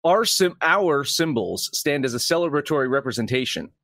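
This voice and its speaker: A man co-hosting a casual sports talk show, animated and profane, often restarting his sentences. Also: mid-range voice, normal speed, dry recording, clean studio sound. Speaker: sports podcast co-host.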